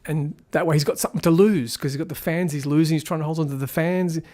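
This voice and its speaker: Guy ranting through a casual movie review, kinda high voice, rambly and critical. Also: quick pace, darkish tone. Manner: rambling, critical, thinking aloud. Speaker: film reviewer. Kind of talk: casual spoken film review.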